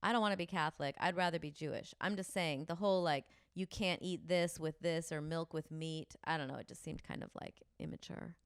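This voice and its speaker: A woman's voice: low-pitched, fairly quick, hardly any pauses, clean tone, no echo, studio quality. A woman co-hosting a comedy podcast, chatting frankly and teasing with frequent laughter. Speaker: podcast co-host. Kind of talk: comedic casual chat.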